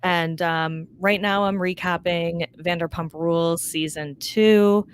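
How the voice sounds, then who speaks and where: A woman guesting on a podcast, chatting in a relaxed, rambling way full of "like" and "um.". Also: fairly low pitch, slow pace, smooth. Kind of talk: casual chat.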